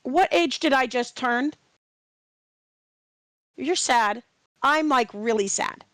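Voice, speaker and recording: A woman's voice: sits high, animated, slow pace, fairly bright tone, dry recording. A woman player in a tabletop game, chatting casually in a hesitant, self-deprecating way. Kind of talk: casual chat.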